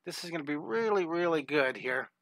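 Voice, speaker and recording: A middle-aged man runs a live drawing lesson for children, cheering them on and greeting viewers by name. His voice is bright and forceful. The sound is dry and close, with no room echo. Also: fairly high pitch, animated, a little fast. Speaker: art teacher hosting a live drawing class.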